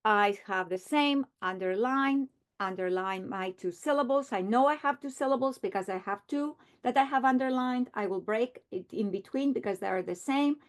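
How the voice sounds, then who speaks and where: A middle-aged woman teacher modeling a reading strategy aloud, slow and deliberate, repeating words for emphasis. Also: on the high side.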